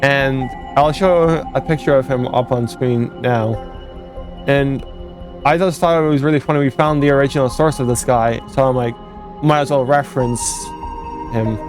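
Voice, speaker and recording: A young man walks through his unfinished fan game in loose, rambling commentary. He corrects himself mid-sentence and laughs at his own jokes. His pitch is ordinary, and faint music plays underneath. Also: steady tone, moderate pace. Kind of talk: casual commentary over gameplay footage.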